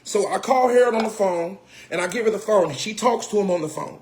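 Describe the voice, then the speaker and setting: A man telling a personal story casually, animated and repetitive, swearing and getting heated. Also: high voice, fairly quick. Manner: animated, repeats phrases, swears, grows heated and shouts. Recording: roomy echo.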